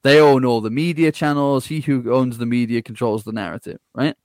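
A man talking as a podcast guest in a casual conversation. He is energetic, laughs often and acts out other people's replies. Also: mid-range voice, a little fast, dry recording, clean studio sound.

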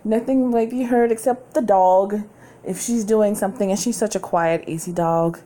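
A woman's voice: medium pitch, moderate pace, mellow. A woman hosting a podcast from home, talking in a candid, chatty way and laughing often. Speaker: podcast host. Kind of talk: casual chat.

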